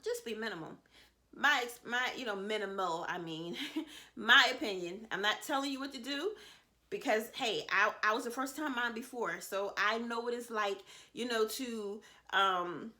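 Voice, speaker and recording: A woman's voice: on the high side, moderate pace, bright, forceful tone. A woman in her thirties giving casual, reassuring advice to other mothers in a vlog, peppered with "you know" and promises. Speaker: vlogger, mother of seven.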